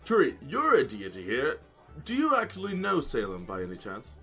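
A man's voice: medium pitch, huge pitch swings, moderate pace, a bit bright, faint music behind. A man playing a tabletop game, asking plain, direct questions. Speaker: player.

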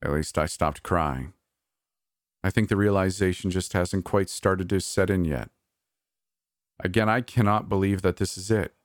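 A man narrating a first-person story in a steady, earnest reading. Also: sits low, unhurried, pauses often, dry recording, clean studio sound.

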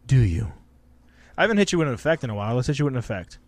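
A man's voice: mid-range voice, big pitch swings, rapid-fire, no echo. A man hosting a podcast in casual chat, rambling and swearing freely. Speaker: podcast host.

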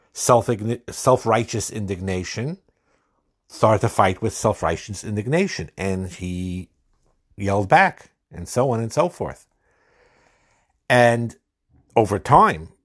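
A man hosts an informal religious self-help talk. He speaks in an unhurried, halting way, often restarting his sentences. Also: sits low. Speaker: host.

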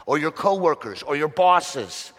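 A man's voice: a little high, big pitch swings, a little slow, a bit bright, big-room sound. A male pastor preaching a sermon conversationally, often asking the listeners rhetorical questions.

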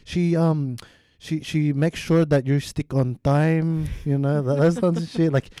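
A man's voice: on the high side, steady tone, unhurried, mellow, clear, resonant tone, no echo, studio quality, pitched above the performer's own voice, lightly acted. A man imitating his doting middle-aged mother with a heavy foreign accent and a fussy, proud, sing-song manner.

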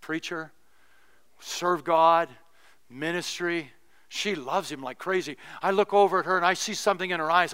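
A man's voice: a little high, normal speed, bright, forceful tone, clean tone. A middle-aged male pastor preaching a sermon, telling a personal story in a conversational, humorous way.

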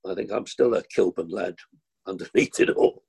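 An older man from London, an actor, telling rambling, self-deprecating stories in a relaxed interview. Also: deep voice, moderate pace, vocal fry, breathy edge, low-quality recording. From London, England. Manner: rambling, self-deprecating storyteller with short laughs. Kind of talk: relaxed anecdotal conversation.

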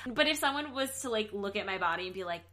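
A woman's voice: medium pitch, animated, quick pace, sharp tone. A woman hosting a casual podcast chat, joking and teasing. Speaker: podcast host.

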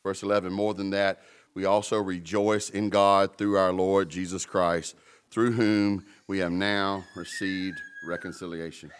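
A man's voice: deep voice, level tone, measured pace, clean tone. A man preaching a sermon in a conversational way, with playful asides and emphatic peaks. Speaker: pastor.

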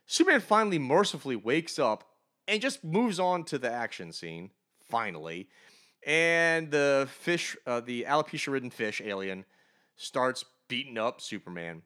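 A man co-hosting a comic book review podcast, ranting sarcastically with a bright, forceful voice. His pitch swings widely as he mocks and jokes. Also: big pitch swings, moderate pace. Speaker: podcast co-host.

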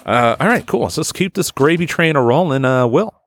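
A man's voice: a little high, expressive, brisk. A man hosting a comedy podcast, crude and joking, doing improv bits with his co-hosts. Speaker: podcast host.

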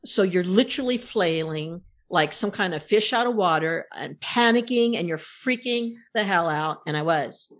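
A woman in casual conversation, telling a long personal story in an animated, rambling way. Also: lowish voice, moderate pace, few pauses.

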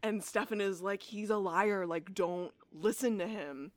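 A woman's voice: medium pitch, unhurried, dry recording. A woman co-hosting a podcast, recapping a TV episode in casual chat, swearing freely and acting out the characters' lines. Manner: animated, swears freely, acts out quotes. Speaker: podcast co-host.

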